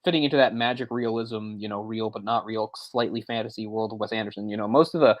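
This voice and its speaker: A man's voice: fairly low pitch, fairly even intonation, fast, no echo, low-quality recording. A man co-hosting a movie discussion podcast, talking in a rambling, self-correcting way with frequent chuckles. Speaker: podcast co-host.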